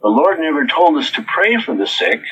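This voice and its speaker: A man's voice: fairly high pitch, lively intonation, normal speed, pushed and bright, a little hiss or hum, poor audio. A man preaching a sermon who reads quotes from his notes and then answers them with pointed questions.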